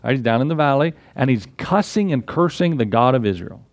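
A man preaching a sermon in a relaxed, conversational way, talking straight to the people in front of him. He acts out the voices of the people in his stories as he goes. His voice sits at an ordinary middle pitch, and the recording is dry and close, with no room echo. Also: fairly quick. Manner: conversational, retells stories with lively acted quotes; talks directly to listeners.

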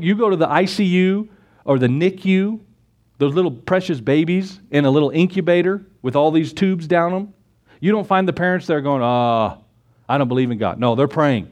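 Man, pastor, sermon, fairly high voice, emphatic, rhetorical questions, conversational asides. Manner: emphatic, swings between loud exclamations and low asides.

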